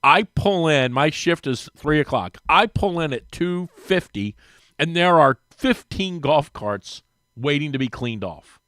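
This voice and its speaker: Animated man telling a story on the radio. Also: unhurried, no room sound, clean studio sound. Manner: lively storyteller, acts out quoted voices with big pitch jumps. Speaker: regular radio guest. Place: radio studio. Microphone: studio microphone.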